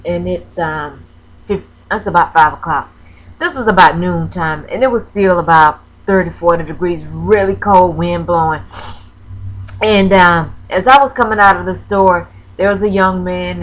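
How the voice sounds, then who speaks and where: A woman from Florida with a lowish voice talks to her viewers in a craft vlog. She halts often with ums and corrects herself. She sounds emotional, on the edge of tears. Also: normal speed, rough recording. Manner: hesitant, with many ums and self-corrections. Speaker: crafting vlogger. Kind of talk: personal storytelling vlog.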